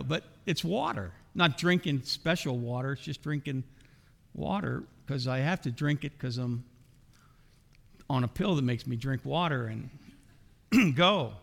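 A middle-aged pastor preaches a sermon in a church sanctuary, putting rhetorical questions to the congregation. His mid-range voice is a little slow and creaky, and a long hall reverb trails each line.

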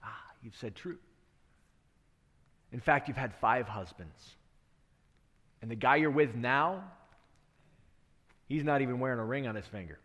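Preacher doing a gentle, low-voiced wise teacher, sermon in an echoing hall. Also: male voice, animated, unhurried, long pauses. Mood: knowing. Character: calm, knowing male teacher.

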